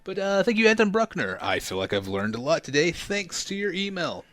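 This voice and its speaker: Wry bright-voiced male co-host. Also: high-pitched, a little fast, no room sound. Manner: wry, deadpan banter. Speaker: podcast co-host. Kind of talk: casual comedic chat.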